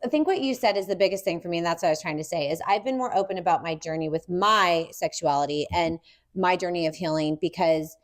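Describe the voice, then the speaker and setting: A woman's voice: fairly low pitch, fast. A woman hosting an interview podcast, speaking earnestly and offering supportive affirmations in a casual chat. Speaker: podcast host.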